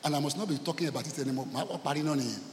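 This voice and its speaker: A man's voice: on the high side, rapid-fire, a little hiss or hum. A man with a Nigerian accent preaching a sermon as pastor, leading the congregation in rhythmic call-and-response with emphatic repetition. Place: church hall. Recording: echoey hall with long reverb.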